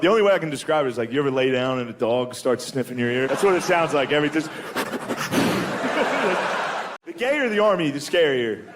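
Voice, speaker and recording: Stand-up comic, male, brash and crude, slightly high voice, live set with noise behind. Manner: crude, brash, laughing at own jokes. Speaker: stand-up comedian. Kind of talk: stand-up routine. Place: comedy club stage.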